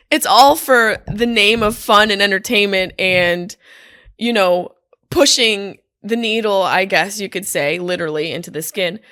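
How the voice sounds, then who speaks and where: Brief: woman comic, mid pitch, lively profane storytelling, dry room. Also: unhurried, smooth, no echo. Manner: animated, profane, self-deprecating. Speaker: podcast guest, comedian. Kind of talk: casual storytelling monologue. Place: hotel room.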